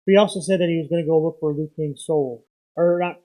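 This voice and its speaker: A man co-hosting a casual podcast chat, talking haltingly as he searches for his words. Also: a little high, fairly even intonation, warm tone, low-quality recording. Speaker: podcast co-host.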